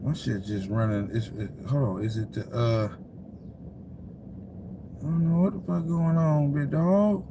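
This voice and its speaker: A man's voice: mid-range voice, fairly even intonation, a little slow, pauses often, background noise. A man hosting a sports talk livestream, ranting casually with lots of profanity and frequent laughter as he talks to his chat.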